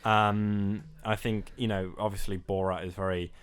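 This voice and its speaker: A man's voice: on the low side, level tone, normal speed, clean tone. A young man co-hosting a casual film podcast, talking hesitantly with many fillers. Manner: hesitant, many ums and sort ofs. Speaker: podcast co-host.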